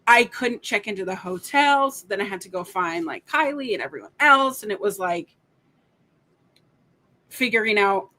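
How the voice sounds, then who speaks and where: A woman, a podcast guest, chatting casually and telling animated stories with swearing and frequent laughter. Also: mid-range voice, normal speed. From United States. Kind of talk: casual chat.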